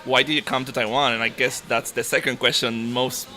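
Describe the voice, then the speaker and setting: A man's voice: mid-range voice, level tone, fairly quick, pushed and bright. A man in his thirties from Nicaragua with a Nicaraguan Spanish accent, a native Spanish speaker chatting easily as an interview guest. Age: 30s. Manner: easygoing, laughs often. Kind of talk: casual interview chat.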